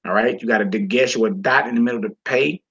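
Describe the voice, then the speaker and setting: A man's voice: medium pitch, fast, a bit bright, breathy edge, dull audio. A man teaching a class from a Hebrew textbook, reading passages aloud and explaining them with casual, folksy asides to the listeners.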